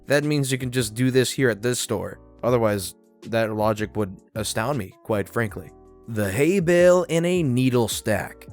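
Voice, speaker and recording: Male storyteller, fairly high voice, lively sarcastic read of internet stories over faint music. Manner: animated, sarcastic commentary between stories. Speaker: narrator. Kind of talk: reading reddit stories aloud.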